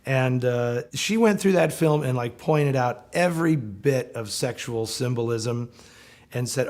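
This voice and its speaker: A film historian in a documentary interview, an animated storyteller who acts out quotes. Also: male voice, mid-range voice, moderate pace.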